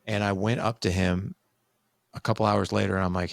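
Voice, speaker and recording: A man's voice: lowish voice, fairly quick, gravelly, no room sound. A man in his forties, a podcast guest, telling a candid family story in casual conversation and acting out what people said. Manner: candid, animated, acts out quoted dialogue.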